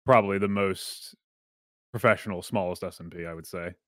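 A man's voice: deep voice, fairly even intonation, fairly quick, fairly bright tone, no echo. A man chatting casually in a group podcast, giggly and trailing off mid-sentence.

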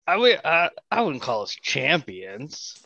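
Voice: mid-range voice, very animated, slow, bright, forceful tone, highs cut off, a little hiss or hum. A player in a tabletop role-playing game, joking and hesitant, often restarting sentences. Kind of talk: casual tabletop game play.

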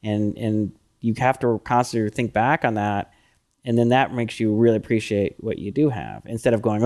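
A middle-aged man co-hosting a podcast, chatting casually with lots of fillers and animated when he quotes himself. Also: fairly low pitch, brisk. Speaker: podcast co-host. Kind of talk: casual chat.

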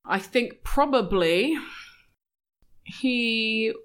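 A woman's voice: on the high side, animated, extremely slow, fairly bright tone. A young adult woman chatting as a podcast guest, telling candid stories full of quoted asides. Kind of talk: casual chat.

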